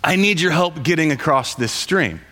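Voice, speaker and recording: A man voicing a smooth-talking magic king cobra who pleads and coaxes, in a storytelling voice with long reverb. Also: a little high, expressive, normal speed, sharp tone. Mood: coaxing. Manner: pleading, coaxing.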